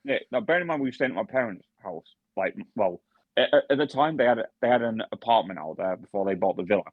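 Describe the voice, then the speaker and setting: A young man spins a long story over casual podcast chat, cursing constantly and tripping over his own restarts. His voice sits on the low side. The sound is dry and dull, like a lo-fi podcast mic. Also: lively intonation, fast talker, no echo. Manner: swears heavily, lots of restarts and fillers. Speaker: podcast co-host and barman.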